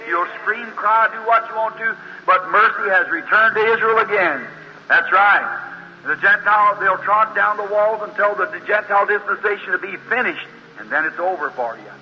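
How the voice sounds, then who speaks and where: Man preaching, high fervent voice, storytelling sermon, dull lo-fi sound in a reverberant hall. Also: normal speed. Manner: fervent, storytelling with acted dialogue, rising to high exclamations. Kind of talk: fiery revival sermon. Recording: dull lo-fi hall recording with faint hiss.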